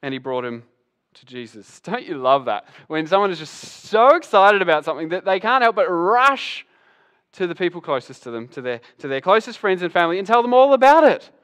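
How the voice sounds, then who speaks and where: A man preaching a sermon as pastor, animated and acting out the voices of Bible figures. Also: sits high, brisk, clear, resonant tone.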